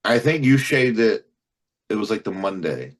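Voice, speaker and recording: A man's voice: lowish voice, very animated, moderate pace. A man co-hosting a podcast, chatting casually with short reactive replies. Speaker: podcast co-host. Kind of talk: casual chat.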